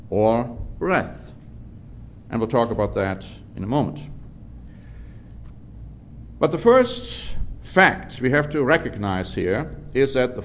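A man preaching a Bible-teaching sermon in a measured, emphatic way, drawing out key words for stress. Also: mid-range voice, a little mellow, a little hiss or hum.

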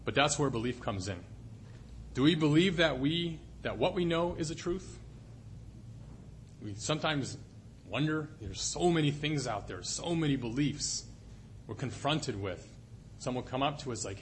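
A male preacher delivers a sermon in a casual, talking tone, putting questions to his listeners. His mid-range voice rises and falls in a lively way, with a faint hum behind it. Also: mid-range voice, normal speed, long pauses. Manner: conversational, asks the audience questions.

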